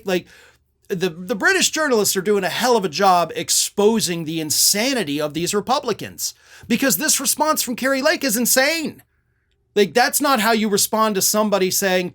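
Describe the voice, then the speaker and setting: A man with a high voice hosts a political commentary show. He talks in an indignant, sarcastic way and quotes his opponents at length before picking them apart. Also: fairly bright tone.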